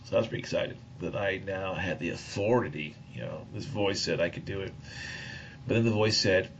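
Male preacher, gravelly low voice, chuckling tangents, lo-fi recording. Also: a little fast. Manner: rambling, searches for words, chuckles often. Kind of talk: sermon storytelling. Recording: dull lo-fi recording with faint noise.

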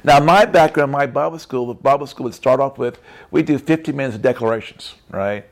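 A man's voice: mid-range voice, a little fast. Emphatic, repetitive Christian speaker, man. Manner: repetitive, emphatic, frequent "right?" tags. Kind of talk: casual testimony talk.

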